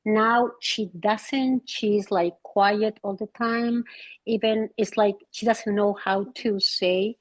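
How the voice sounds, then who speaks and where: A woman's voice: mid-range voice, fairly even intonation, slow pace, no room sound, low-quality recording. A middle-aged woman, a parent, earnestly asking for advice over a video call, hesitant and apologetic. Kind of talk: casual question on a video call.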